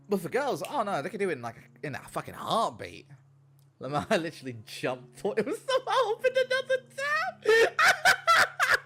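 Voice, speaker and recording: A young man, chatting casually on a gaming stream, telling animated stories, swearing and laughing. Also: on the low side. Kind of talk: casual chat while gaming. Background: faint background music.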